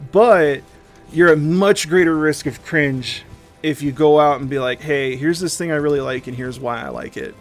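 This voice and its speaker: A young man chatting casually on a livestream, animated and profane, often mimicking other people in quick asides. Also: fairly high pitch, soft background music. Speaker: streamer.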